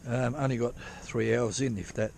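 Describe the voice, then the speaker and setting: A man's voice: mid-range voice, fairly even intonation, normal speed, vocal fry, darkish tone, a little hiss or hum. A man vlogging outdoors while prospecting for gold in drizzle, rambling casually with lots of swearing and restarts. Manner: rambling, profane, self-interrupting. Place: outdoors at a dig site in drizzle.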